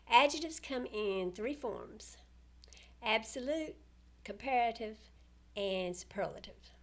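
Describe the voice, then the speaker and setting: An older woman with a rural Southern US accent, giving a casual, patient grammar lesson with little laughs and self-corrections. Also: mid-range voice. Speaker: grammar teacher.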